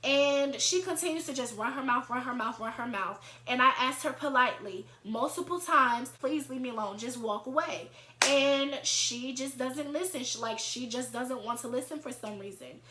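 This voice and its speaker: A young woman vlogger telling a storytime tale in an animated, chatty way. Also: sits high, moderate pace, hardly any pauses. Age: young adult. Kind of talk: storytime vlog. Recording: echoey room.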